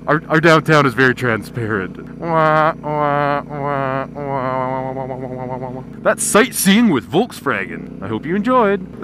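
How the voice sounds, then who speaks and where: Profane man ranting from a motorcycle. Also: medium pitch. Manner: profane, jokey ranting at traffic. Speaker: motovlogger. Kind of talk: casual riding commentary. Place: riding a motorcycle on city streets. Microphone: helmet headset mic. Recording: loud road and wind noise.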